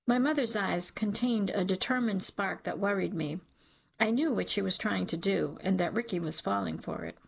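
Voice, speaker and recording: A woman narrating a dark first-person audiobook in a measured, grave manner. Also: medium pitch, gravelly.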